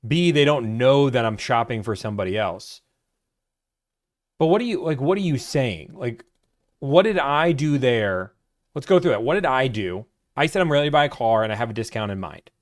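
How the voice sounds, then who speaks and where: A man's voice: medium pitch, animated, moderate pace. A man, hosting a livestream from his office, chatting casually and teasing the chat with sarcasm. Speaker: livestream host, car buying broker.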